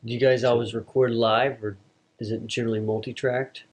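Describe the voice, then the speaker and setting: A man's voice: medium pitch, little pitch movement, brisk. A male podcast host asking a guest easygoing questions and answering with short backchannels. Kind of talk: casual interview questions.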